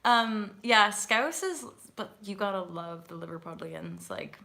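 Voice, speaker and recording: A woman's voice: mid-range voice, lively intonation, a little slow, creaky, hardly any pauses, bright, forceful tone. A woman hosting a casual livestream, chatting in a bubbly way, laughing often and swearing freely. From Canada. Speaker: livestream host.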